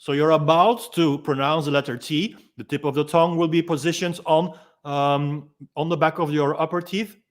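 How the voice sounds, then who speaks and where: A man with a slightly high-pitched voice calmly teaches a freediving technique. He explains in a gentle, unhurried way and pauses often with small ums between his points. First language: Dutch. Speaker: freediving instructor. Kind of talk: instructional demonstration.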